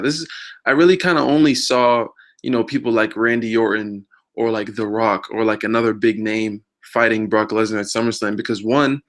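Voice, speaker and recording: A man's voice: mid-range voice, fairly bright tone. Rambling male wrestling vlog host. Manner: rambling, filler-heavy, self-mocking. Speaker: wrestling news show host. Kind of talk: casual vlog commentary.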